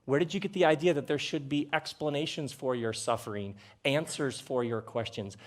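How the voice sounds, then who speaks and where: A middle-aged man giving a live talk on a theater stage, conversational and jokey, with rhetorical questions and dramatic pauses. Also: mid-range voice. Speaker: speaker addressing a live audience.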